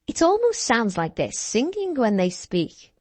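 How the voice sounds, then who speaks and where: A woman's voice: fairly high pitch, wildly swooping pitch, unhurried, darkish tone, no echo. A woman playing a quiz contestant in playful, teasing banter. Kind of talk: casual banter.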